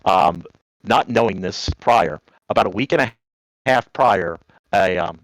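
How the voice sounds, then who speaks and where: Calling in from New Jersey, this man speaks in a low pitch at a measured pace, spinning casual, meandering anecdotes and animatedly performing the characters' voices. The recording is dry and of low quality.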